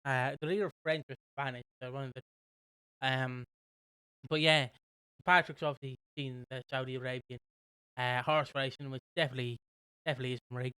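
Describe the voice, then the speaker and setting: A young British man co-hosting a podcast, casually recapping a soap with a rambling, animated manner. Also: medium pitch, a little fast, long pauses, clean tone, dry recording. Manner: rambling, animated retelling with quoted voices. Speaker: podcast co-host.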